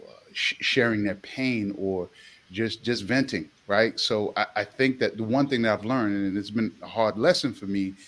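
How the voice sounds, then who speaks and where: A man in his forties, a chef, speaking on a panel in a halting way with many fillers and restarts. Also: on the low side, a bit bright. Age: 40s. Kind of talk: panel discussion.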